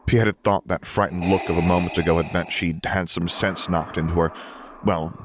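A man reading a story aloud in measured, dry narration. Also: sits low, noisy background. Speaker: audiobook reader. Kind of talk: scripted narration of fan fiction.

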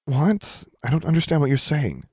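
A man voicing an earnest, flustered eleven-year-old girl in an audiobook, pitching his voice up and pleading. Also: big pitch swings, normal speed, mellow, breathy edge, no echo, studio quality, exaggerated voice.

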